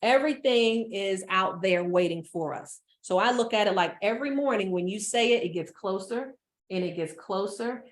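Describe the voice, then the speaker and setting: A woman business coach giving an energetic motivational talk, repeating phrases for emphasis. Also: medium pitch, normal speed.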